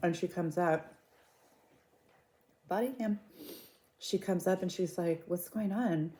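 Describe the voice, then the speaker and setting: A woman vlogger retelling a story to her viewers in a chatty, gossipy way. Her voice is low and mellow, and she talks with relaxed warmth. She reacts freely as she tells it. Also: slow pace. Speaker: mukbang vlogger. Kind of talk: casual storytelling.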